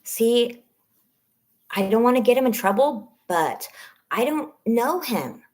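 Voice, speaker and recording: A woman in her thirties on a personal live stream, talking haltingly and shakily as she holds back tears. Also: on the high side, very animated, darkish tone. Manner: shaky, halting, close to tears. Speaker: vlogger on a members-only live stream.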